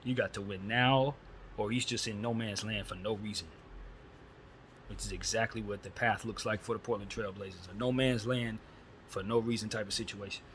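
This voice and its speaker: Alone at the mic for an informal basketball commentary show, this man delivers blunt, opinionated takes in slang. His pitch is fairly low, his tone steady and pace moderate, and the sound is slightly bright with a touch of hiss or hum.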